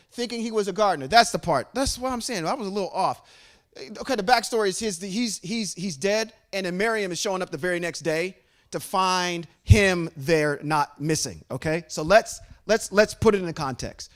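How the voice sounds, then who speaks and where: A man's voice: high voice, moderate pace, a bit bright. A man leading a bible study, reading verses aloud and stopping often to explain and check with his listeners. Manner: reads scripture aloud, stops to explain and ask the group. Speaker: scripture teacher.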